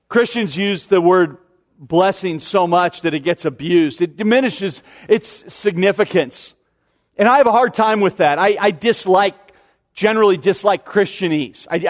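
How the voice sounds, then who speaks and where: A man's voice: on the high side, in a large hall. A man in his forties preaching a sermon to his congregation in a conversational way, often restarting his sentences and asking rhetorical questions. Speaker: pastor.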